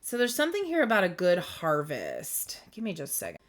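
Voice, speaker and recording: Her fairly low voice swoops wildly in pitch and moves a bit quickly. Working as a spiritual reader, she delivers a casual reading to a close-up camera indoors under bright light, meandering, laughing often and stopping herself mid-thought.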